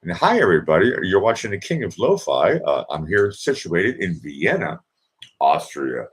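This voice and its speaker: A low-voiced Boston man with a Boston accent hosts his own livestream show from indoors in Vienna. Very animated and speaking at a moderate pace, he chats, jokes, and meanders, filling his talk with fillers.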